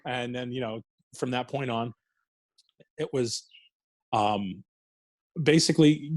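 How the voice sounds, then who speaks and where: Taking it slowly with long pauses, a middle-aged New Yorker recounts wrestling tales as an interview guest. His medium-pitched voice comes through with no echo, and his anecdotes are profane, laughing, and wandering.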